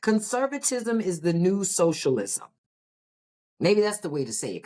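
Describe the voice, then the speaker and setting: A woman's voice: medium pitch, big pitch swings, normal speed, mellow. American woman, podcast host, solo political commentary, emphatic and repetitive, mid-range voice. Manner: emphatic, repeats phrases for effect; rhetorical questions and asides.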